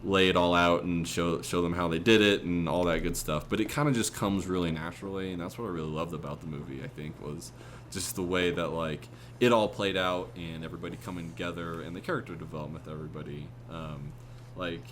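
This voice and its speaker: A man's voice: low voice, steady tone, quick pace, fairly bright tone, a little hiss or hum. A man co-hosting a podcast, giving his views on a film in a rambling, hesitant casual chat with many fillers. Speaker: podcast co-host. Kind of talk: casual movie review chat.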